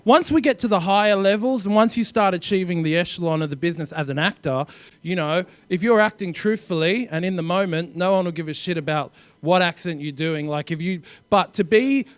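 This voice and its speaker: A man's voice: high-pitched, brisk. An Australian man, a film director on a discussion panel, argues a point emphatically with lots of fillers.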